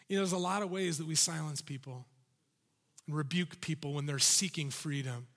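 Preacher guy, high bright voice, urgent and animated, big churchy echo. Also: fairly quick. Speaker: pastor. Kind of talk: sermon. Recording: reverberant hall.

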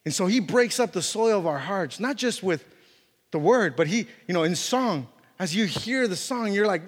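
A man preaches to his congregation, telling a story with lots of fillers and restarts. His voice sits fairly high for a man. The sound rings with a long reverb, as in a church hall. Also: lively intonation, moderate pace, fairly bright tone. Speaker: pastor. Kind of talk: sermon.

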